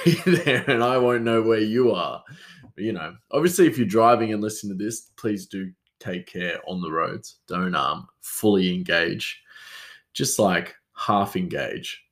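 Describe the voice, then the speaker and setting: This solo podcast host, a man in his 30s, has a lowish, expressive voice and a measured pace. His chat is rambling and self-mocking, with him responding to himself as he goes.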